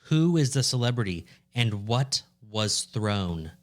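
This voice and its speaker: A man's voice: on the low side, very animated, takes it slowly. A young man co-hosting a podcast, chatting casually and telling rambling, joking stories with playful impressions. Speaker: podcast co-host. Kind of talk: casual chat.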